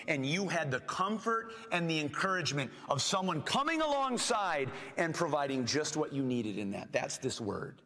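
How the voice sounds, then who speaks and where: A man preaching a sermon as pastor, earnest, asking his hearers questions and dropping at times to a soft, gentle tone. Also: medium pitch. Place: church sanctuary. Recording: long hall reverb.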